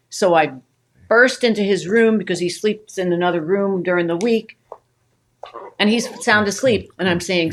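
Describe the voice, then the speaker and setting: A woman co-hosting a casual talk show, telling an animated story about her own mishap and acting out her own cries. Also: lowish voice, a little fast. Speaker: co-host, wife of the host.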